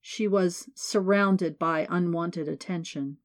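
A woman narrating an audiobook in a measured, steady reading. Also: fairly low pitch.

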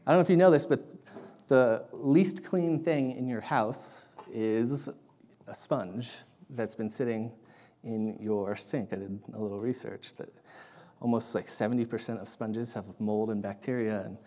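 A man preaching a sermon, telling a personal story in an animated, self-deprecating way. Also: mid-range voice, unhurried. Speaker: pastor.

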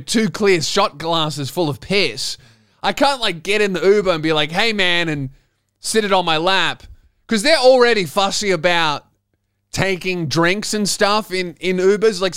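An Australian man, a comedian hosting his podcast, telling a story in an animated, swearing style and acting out the voices of people he quotes. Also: fairly high pitch, smooth, no echo, clean studio sound. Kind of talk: comic storytelling monologue.

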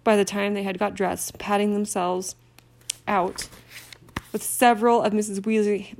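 Woman audiobook narrator, steady read, gravelly voice, trips on words sometimes. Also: mid-range voice. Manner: steady narration with occasional stumbles. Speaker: audiobook reader. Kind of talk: amateur audiobook reading.

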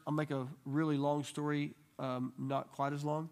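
Bible study teacher: animated man, slightly high, gravelly voice, casual storytelling. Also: brisk, few pauses. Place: room with a live group.

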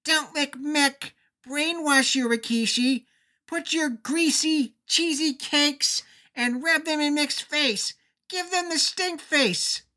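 A woman's voice: sits high, takes it slowly, bright, forceful tone, pitched above the performer's own voice, exaggerated voice. A podcaster putting on a mocking impression of a bossy female wrestling executive, screechy and overblown. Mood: sneering.

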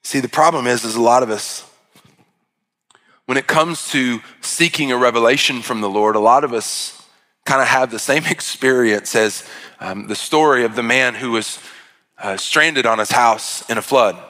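A man's voice: medium pitch, normal speed, bright, forceful tone. A man preaching a sermon, telling a story with acted-out voices and many restarts. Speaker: pastor.

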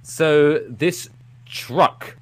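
A man hosting a live podcast, telling a rambling story in a playful, animated way, throwing in silly sound effects. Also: on the high side, very slow. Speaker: podcast host. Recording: live show with audience.

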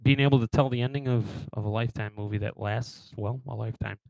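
A man's voice: mid-range voice, steady tone, vocal fry, no room sound, rough recording. A man with a New York accent co-hosting a podcast, chatting casually, laughing often and swearing freely. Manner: laughs often, swears, quick comic impressions. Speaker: podcast co-host. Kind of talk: casual banter.

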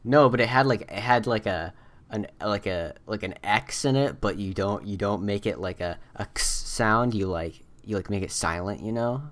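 A young man with a lowish voice bantering on a podcast. He teases playfully and trips over restarts as he talks. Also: moderate pace, fairly bright tone. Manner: teasing, playful, stumbling restarts. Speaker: podcast co-host. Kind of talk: casual chat.

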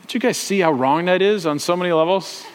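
Speaking quickly in a high voice, a middle-aged preacher voices each character as he tells a sermon story. A large hall gives long reverb, and there's slight background noise.

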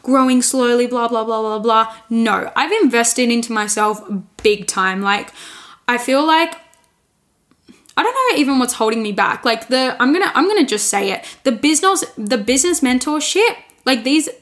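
Young female podcaster in her twenties, candid and earnest, slightly high voice, casual solo talk. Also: lively intonation, normal speed, fairly bright tone. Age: 20s. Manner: earnest, candid, restarts often and says "like" a lot. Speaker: podcast host and women's coach.

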